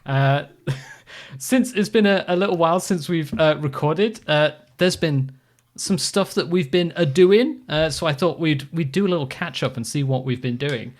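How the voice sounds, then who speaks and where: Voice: medium pitch, normal speed. Rambling podcast host with many fillers. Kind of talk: casual podcast chat.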